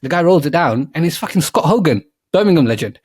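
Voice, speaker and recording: A young man on a podcast, telling a rambling comic movie pitch full of swearing and acted-out lines. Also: lively intonation, fast, darkish tone, slightly rough, dry recording. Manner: swearing, laughing, acting out quoted lines. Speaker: podcast co-host. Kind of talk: rambling comedic story pitch.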